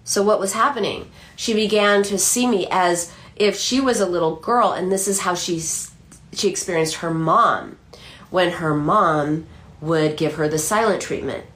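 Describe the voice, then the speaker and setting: A middle-aged woman, a psychoanalyst, explaining a case with lively storytelling and frequent restarts. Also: lowish voice, a little slow. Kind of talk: explanatory talk.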